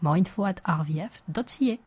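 A woman's voice: on the low side, lively intonation, fast talker, a little mellow, breathy edge. A woman with a French accent whose first language is French, reading a scripted personal radio piece in a chatty, wry and self-deprecating way.

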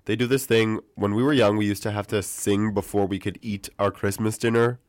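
A young man co-hosting a casual podcast, telling animated stories and mimicking people. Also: brisk, dry recording, clean studio sound. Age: young adult. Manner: animated storyteller, mimics people in high voices. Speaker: podcast co-host. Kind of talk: casual chat.

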